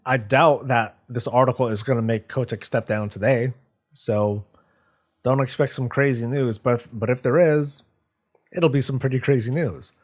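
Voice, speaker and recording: A man's voice: mid-range voice, fairly even intonation, normal speed. Rambling casual male stream host. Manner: rambling, frequent restarts and stumbles. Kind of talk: casual live-stream commentary.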